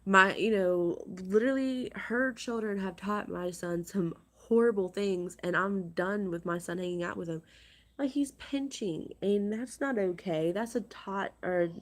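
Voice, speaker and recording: Exasperated woman venting slowly. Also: mid-range voice. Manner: exasperated, halting, repeats herself. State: upset and agitated. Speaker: crafting vlogger. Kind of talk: casual vlog rant to viewers.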